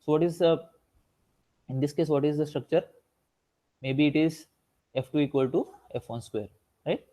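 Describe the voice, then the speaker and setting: A man's voice: a little high, normal speed, dark tone. A male instructor giving an online revision lecture, asking himself rhetorical questions and tagging lines with "right?".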